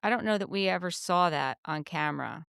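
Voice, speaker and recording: A woman's voice: on the low side, fairly quick, gravelly, clean tone, dry recording, clean studio sound. A woman co-hosting a podcast, recapping episodes in casual chat and acting out what people said. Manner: animated storyteller, acts out quotes. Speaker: podcast co-host.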